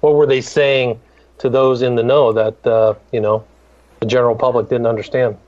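Measured male guest on a muffled line. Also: mid-range voice, flat delivery, darkish tone. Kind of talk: casual chat. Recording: dull lo-fi remote line.

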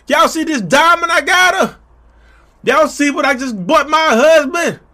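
A man voicing a boastful show-off who shouts about the things he bought, in a shrill, braggy tone. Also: a little slow, full character voice. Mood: bragging.

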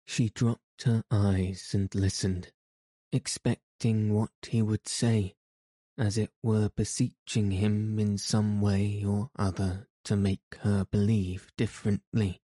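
Slow, low-voiced male audiobook narrator. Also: no echo. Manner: measured, even reading. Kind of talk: scripted narration of a classic novel.

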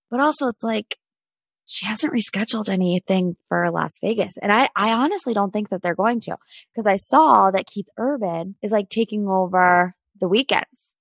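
A woman's voice: medium pitch, normal speed, vocal fry, no echo. A woman in her twenties hosting a casual pop culture podcast, chatty and opinionated. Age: 20s. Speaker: podcast host.

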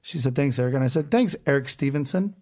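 A man's voice: medium pitch, animated, fast, mellow. Ranting, profane podcast host, a man. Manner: profane, ranting, reads comments aloud. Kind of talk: casual podcast chat.

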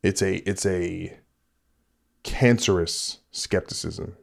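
Low-voiced man ranting profanely. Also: lively intonation, measured pace, pauses often, a little mellow. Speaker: podcast host. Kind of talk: casual podcast rant.

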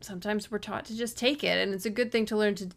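A woman's voice: medium pitch, steady tone, quick pace, vocal fry. A woman co-hosting a podcast, talking casually and thoughtfully about a listener's story. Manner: reflective, conversational, uses "you know" and "like". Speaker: podcast co-host. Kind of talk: casual chat.

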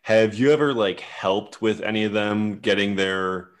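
A man's voice: on the low side, steady tone, a little slow. A man hosting an interview who asks long, rambling questions full of fillers. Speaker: podcast host.

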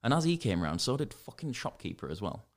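A man's voice: mid-range voice, fast. A young man with a Yorkshire accent, telling a story in casual chat, swearing a lot and acting out what people said. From Northern England. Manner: sweary, animated storytelling, acts out quotes. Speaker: podcast co-host.

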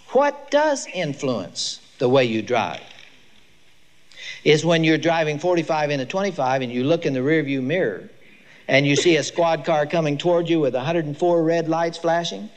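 An older man giving a lecture to a live audience, telling stories with emphasis. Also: on the high side. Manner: storytelling, emphatic, lively delivery. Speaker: speaker on child discipline.

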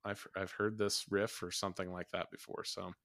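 A man's voice: low voice, little pitch movement, moderate pace, vocal fry, a bit bright, no room sound, studio quality. A man co-hosting a podcast in casual chat, hesitant with many restarts. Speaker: podcast co-host.

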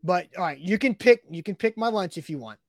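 This is a man with a notably high voice, chatting casually as co-host of a morning sports show. His talk is loose and rambling, he breaks into laughs easily, and the sound is close and dry with no room around it. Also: lively intonation, a little fast, no echo. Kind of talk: casual sports radio chat.

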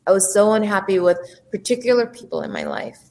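A woman's voice: mid-range voice, a little fast. A woman speaking as a life coach and entrepreneur, giving an emphatic motivational talk and acting out the voices in people's heads. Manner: animated, emphatic, acts out inner voices.

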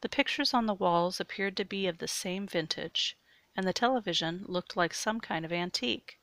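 A woman narrating an erotic audio story in a steady, measured way. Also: fairly low pitch, dry recording.

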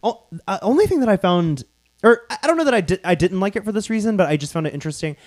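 A man's voice: high voice, lively intonation, racing, no echo, studio quality. A man hosting a podcast, chatting casually and playfully while reviewing. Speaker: podcast host.

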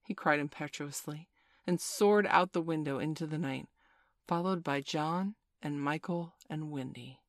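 A woman reads a children's storybook aloud as narrator, measured and gently playful. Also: low voice, dry recording, studio quality.

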